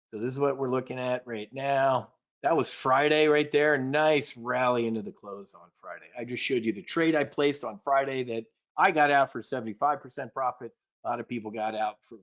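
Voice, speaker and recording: Energetic man teaching options trading. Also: highs cut off. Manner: energetic and punchy, acting out panicked traders in shrill bursts. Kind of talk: live trading webinar.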